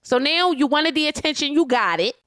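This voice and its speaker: This woman's voice sits high and a bit bright, expressive and fairly quick. She co-hosts a podcast from her living room couch at home, ranting bluntly and emphatically with plenty of swearing in casual chat.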